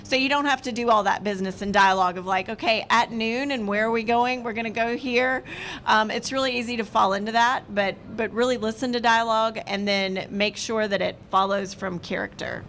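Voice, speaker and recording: A woman filmmaker on a panel giving writing advice in a lively way, acting out quoted lines as she talks. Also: on the high side, a little fast, a little hiss or hum. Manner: lively, acts out quoted speech.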